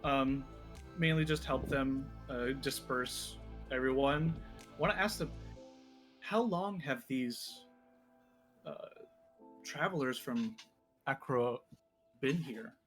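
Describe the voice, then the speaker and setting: A man playing a tabletop game speaks very slowly and hesitantly, pausing often with fillers. His pitch is middling, with faint music behind. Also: fairly bright tone. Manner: slow, hesitant, many pauses and fillers. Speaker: player. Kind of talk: tabletop role-play.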